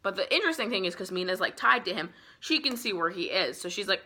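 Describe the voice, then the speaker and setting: A young woman with a rather low but bright, forceful voice chats through a book summary for her vlog. She rambles in a loose, profane, filler-heavy way. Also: very animated, quick pace, vocal fry, hardly any pauses. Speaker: book vlogger.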